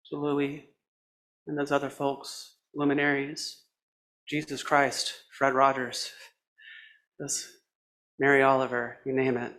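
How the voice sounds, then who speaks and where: A man preaching a sermon as a minister, with a measured, reflective delivery in short phrases. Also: mid-range voice, a bit bright.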